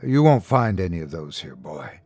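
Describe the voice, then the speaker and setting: A man's voice: low-pitched, sing-song, moderate pace, darkish tone, no room sound, pitched below the performer's own voice, full character voice. Man voicing an ancient horned creature. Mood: calm, menacing. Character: ancient horned inhuman being, calm and curious.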